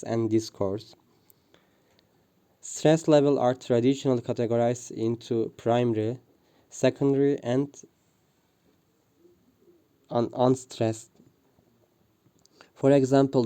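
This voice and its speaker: A man reads a prepared linguistics presentation, pausing often with "uh" and restarting words. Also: medium pitch, dark tone. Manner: hesitant, frequent "uh" fillers and restarts. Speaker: student presenter.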